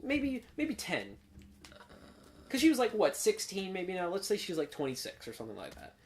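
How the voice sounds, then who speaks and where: A man's voice: high voice, huge pitch swings, moderate pace, slight background noise. A man co-hosting a podcast in casual, rambling, profane chat. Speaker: podcast co-host.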